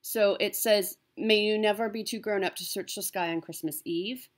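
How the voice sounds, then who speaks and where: A woman's voice: mid-range voice, steady tone, normal speed. A woman chatting casually as a cross stitch vlogger, upbeat and talkative, with frequent ums and self-corrections. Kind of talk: casual show-and-tell chat.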